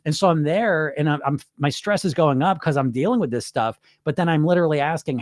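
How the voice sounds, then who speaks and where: Brisk and with few pauses, a man whose voice runs on the high side hosts his hypnotherapy live stream, chatting casually with viewers amid frequent swearing and laughter. The studio sound is clean, with no room sound.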